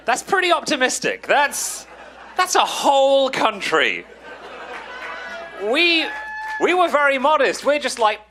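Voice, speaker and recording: British comedian, bright lively voice. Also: male voice, extremely high pitch, a little slow. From Britain. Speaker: stand-up comedian. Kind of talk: stand-up routine. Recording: live show with audience noise.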